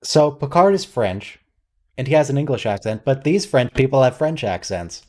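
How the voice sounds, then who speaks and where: A man's voice: medium pitch, sing-song, moderate pace, warm tone. A man hosting a watch-along, giving casual, wry, quizzical commentary and thinking aloud.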